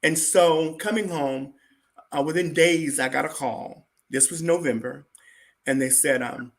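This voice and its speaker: A man being interviewed as a guest, telling a personal story in an animated way and acting out what other people said. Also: a little high, a little slow.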